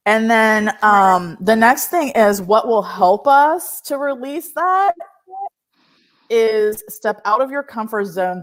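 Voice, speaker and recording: Slow-talking chatty woman card reader. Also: mid-range voice. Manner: chatty, laughs often, greets viewers by name. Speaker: host reading oracle cards. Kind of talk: casual live-stream chat.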